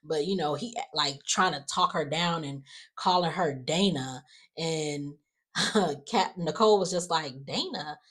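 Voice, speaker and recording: A woman's voice: deep voice, unhurried, fairly bright tone. A woman casually recapping soap opera episodes, chatty and full of fillers, acting out quotes. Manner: chatty, many fillers and restarts, acts out quotes.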